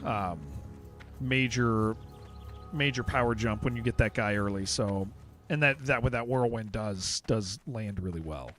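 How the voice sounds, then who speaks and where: A man's voice: lowish voice, a little slow, a bit bright, soft background music. A man streaming a game, chatting casually and emphatically with his viewers and answering their messages as he goes. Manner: rambling, emphatic, reacts to chat messages.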